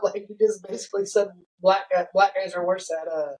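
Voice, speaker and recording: Higher-voiced man telling a story. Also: fairly quick, poor audio. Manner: animated, laughing, acts out quotes. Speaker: podcast guest. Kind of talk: casual storytelling.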